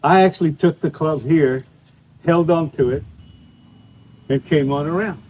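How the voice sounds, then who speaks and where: A man's voice: a little high, measured pace, darkish tone, rough recording. An older man teaching a live golf clinic outdoors, talking in a folksy, storytelling way while he demonstrates shots. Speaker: golf instructor. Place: outdoor golf practice area.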